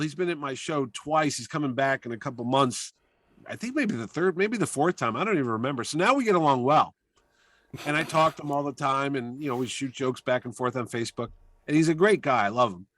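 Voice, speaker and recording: Animated male storyteller, dry sound. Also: fairly high pitch, a little fast, no echo. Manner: animated storyteller, talks through anecdotes. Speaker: comic convention organizer, podcast guest; weekly radio show host. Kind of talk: casual storytelling interview.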